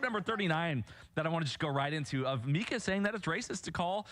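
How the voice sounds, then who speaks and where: A man with a somewhat high voice hosts a commentary show, playing clips and reacting. He talks in a sarcastic, mocking, indignant way. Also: expressive, fast, a bit bright. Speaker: political commentary host.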